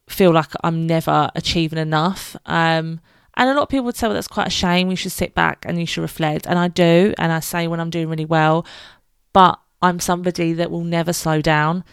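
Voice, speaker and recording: A British woman chats through her solo podcast in a low, smooth voice with a gravelly edge. She is frank and informal, laughs easily and swears now and then. The sound is close and dry. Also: no room sound. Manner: chatty, candid, laughs often, swears freely. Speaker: podcast host. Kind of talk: casual solo podcast chat.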